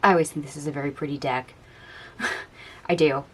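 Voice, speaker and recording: Female tarot reader, lowish voice, casual and dreamy, gently encouraging. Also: steady tone, normal speed, breathy edge. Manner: chatty and dreamy, musing aloud over the cards. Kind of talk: casual tarot card reading.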